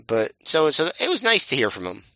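Bright-voiced podcast co-host, dry sound. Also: male voice, a little high, huge pitch swings, fairly quick, no room sound. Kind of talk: casual podcast chat.

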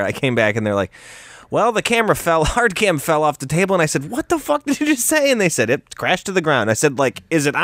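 A man's voice: fairly low pitch, a bit bright, no echo. A man co-hosting a podcast, telling stories animatedly, quoting people in exaggerated voices, laughing and swearing. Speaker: podcast co-host, wrestling promoter. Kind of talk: casual chat.

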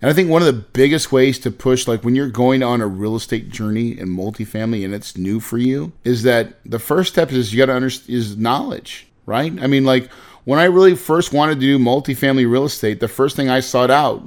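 A man's voice: medium pitch, a little fast. A man in his forties giving an earnest, emphatic motivational talk to his listeners. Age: 40s. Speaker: real estate investor speaker.

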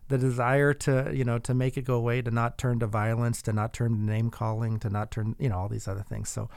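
A man's voice: medium pitch, little pitch movement, brisk, gravelly, darkish tone, clear, resonant tone, dry recording. A man in casual conversation, earnestly telling stories with frequent restarts. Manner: earnest, storytelling, many restarts.

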